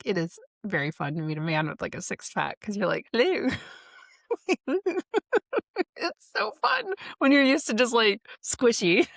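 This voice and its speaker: A woman's voice: lowish voice, no room sound, studio quality. A woman in her forties hosting a solo podcast, talking bluntly and profanely, with frequent laughter. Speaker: podcast host. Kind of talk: candid solo podcast monologue.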